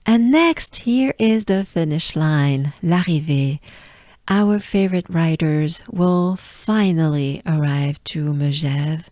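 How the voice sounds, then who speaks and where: A woman from France with a French accent, patiently teaching pronunciation, repeating sounds slowly. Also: deep voice, a little mellow, no room sound, clean studio sound. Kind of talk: pronunciation lesson.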